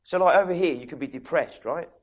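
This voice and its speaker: A man preaching a sermon in a conversational way, restarting sentences and asking listeners questions. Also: a little high. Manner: conversational, with many quick restarts and asides to listeners.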